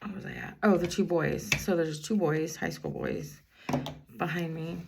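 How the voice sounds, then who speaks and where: A woman's voice: low-pitched, wildly swooping pitch, moderate pace, gravelly, a little mellow, slight background noise. A woman in her fifties, a school bus driver, chatting casually while doing her makeup, rambling through a story and breaking off to talk about her eyeliner. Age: 50s. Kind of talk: casual get-ready-with-me chat.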